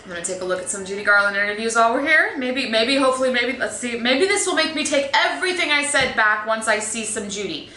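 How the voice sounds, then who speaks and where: A woman's voice: fairly high pitch, animated, fast talker, hardly any pauses, sharp tone, a little hiss or hum. A woman giving a casual, exasperated movie review, rambling with lots of fillers and restarts. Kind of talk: casual opinionated film review. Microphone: phone. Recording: echoey room with faint ambience.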